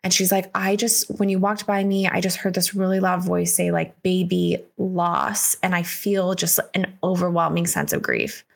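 A woman's voice: fairly low pitch, expressive, normal speed, gravelly, few pauses. A woman co-hosting a podcast, telling a personal story in an emotional, casual way, full of "like" and the odd swear word. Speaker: podcast co-host.

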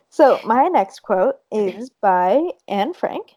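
A woman's voice: medium pitch, expressive, extremely slow, warm tone. A woman co-hosting a casual podcast chat, thinking aloud with many fillers and restarts. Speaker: podcast co-host.

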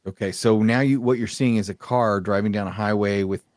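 A man co-hosting a podcast in casual chat, blunt and profane, speaking with animated emphasis. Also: lowish voice, brisk, dry recording. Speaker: podcast co-host.

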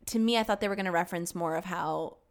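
A woman's voice: lowish voice, fast talker. A young woman co-hosting a podcast in casual chat, giggly and full of fillers. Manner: giggly, chatty, many fillers. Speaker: podcast co-host.

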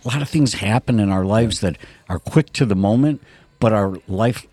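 A man hosting a podcast in casual conversation, thinking aloud in a relaxed way as he sets up his questions. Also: lowish voice, moderate pace, no echo. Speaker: podcast host.

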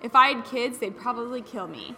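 A woman hosting a casual wellness podcast, telling stories in an animated way and acting out what people said. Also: fairly high pitch, brisk, gravelly. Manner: animated storyteller who acts out quotes. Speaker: podcast host.

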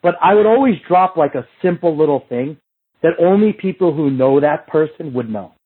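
A man, a movement coach, telling a casual story in an animated, profane way and acting out what other people said. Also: a little high, normal speed, breathy edge, phone-quality sound.

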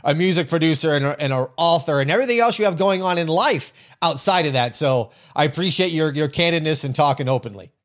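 A man's voice: on the high side, lively intonation, fast talker, few pauses, fairly bright tone. A man hosting a podcast, thanking his guest and giving an upbeat, appreciative sign-off. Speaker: podcast host.

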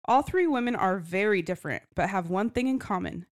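A woman co-hosting a casual book club podcast, chatty and quick to laugh. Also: medium pitch, animated. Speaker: podcast co-host.

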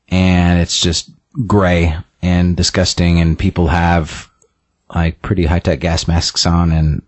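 A young man hosts a casual recap, stumbling through with lots of fillers and restarts. His voice sits very low and deep. It sounds like relaxed podcast chat. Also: no echo. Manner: halting, many fillers and repeated words. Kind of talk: casual comic book recap.

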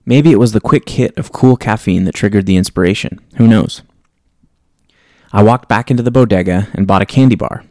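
A podcast host with a fairly low, darkish voice reads a personal story aloud at a brisk pace, reflective and wry, then signs off casually. The recording is studio quality with no room sound.

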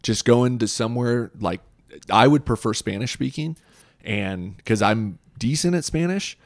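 A young man hosting a casual podcast chat, relaxed and quick to laugh, with lots of filler "like". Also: medium pitch, no room sound. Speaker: podcast host.

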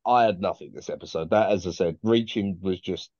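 A low-voiced man in casual podcast chat, often stumbling and restarting as he works through a thought. The sound is dull and dry, as from a cheap mic in a close space. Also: brisk, a little mellow, no room sound. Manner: hesitant, restarts, thinks aloud. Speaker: podcast co-host.

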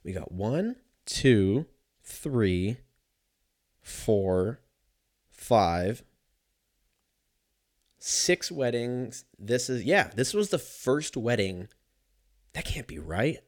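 A man's voice: mid-range voice, sing-song, drawn-out words, pauses often, darkish tone. A young man hosting a podcast on his own, talking in a loose, rambling, profane and jokey way. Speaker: podcast host. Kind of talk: casual solo chat.

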